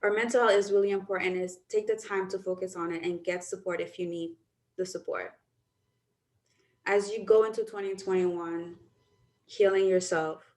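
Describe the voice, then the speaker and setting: A young adult woman podcast host who leads a guided visualization with slow, soothing, drawn-out phrasing. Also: medium pitch, a little mellow. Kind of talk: guided visualization and reflective talk. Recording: roomy echo.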